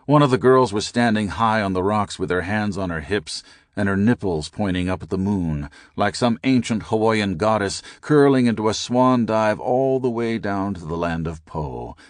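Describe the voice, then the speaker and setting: Deep-voiced man narrating an audiobook. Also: moderate pace, dry recording, studio quality. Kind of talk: scripted narration.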